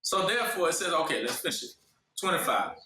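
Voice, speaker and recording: A man preaching a sermon, posing questions and pausing for listeners to fill in the answer. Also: fairly high pitch, expressive, sharp tone. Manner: call-and-response questions, fill-in-the-blank pauses. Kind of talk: sermon teaching. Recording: echoey room from far off.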